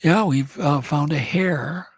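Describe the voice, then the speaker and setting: A man appearing as a guest, telling stories in an animated, excitable way and acting out the sounds he describes. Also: a little high, takes it slowly, breathy edge, no echo, studio quality. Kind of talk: animated storytelling.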